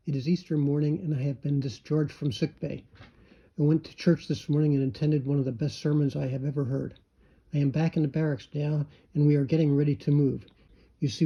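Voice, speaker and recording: A man reading old letters aloud at a measured, even pace. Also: on the high side, breathy edge. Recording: dull lo-fi recording.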